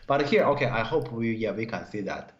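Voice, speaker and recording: Halting man reviewing go games. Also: medium pitch, expressive, slight background noise. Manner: halting, many fillers, broken English grammar. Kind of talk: live-stream game review. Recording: roomy, dull stream audio.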